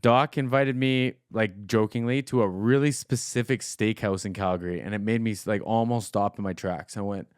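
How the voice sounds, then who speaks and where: A man's voice: lowish voice, steady tone, moderate pace, hardly any pauses, clear, resonant tone, dry recording, studio quality. A man hosting a casual group reaction chat, playful and rambling.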